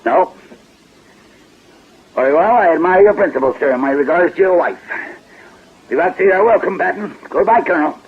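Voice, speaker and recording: An actor playing a shrewd male detective sergeant in a radio drama, speaking smoothly and unhurriedly with polite mockery. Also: high-pitched, fairly quick, pauses often, slight background noise, close to an everyday voice. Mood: coaxing. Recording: dull lo-fi archive radio recording.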